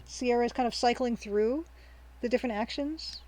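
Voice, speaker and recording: A woman with a somewhat high voice talks her way through a game on stream. Her commentary is casual and rambling, full of ums and restarts as she thinks aloud. She sounds cheerful and laughs easily. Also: moderate pace, darkish tone, low-quality recording. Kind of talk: casual let's-play commentary.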